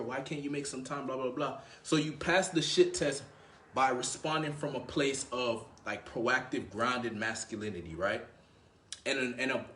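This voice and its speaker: A man giving casual dating advice who thinks out loud and keeps checking in with the listener. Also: medium pitch. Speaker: dating coach. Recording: roomy echo.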